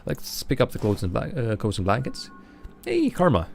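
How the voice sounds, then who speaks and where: Young male streamer, gravelly voice, rambling play-by-play. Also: mid-range voice, wildly swooping pitch, moderate pace. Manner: rambling and chuckly, with many fillers. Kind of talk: live gameplay commentary, reading game text aloud.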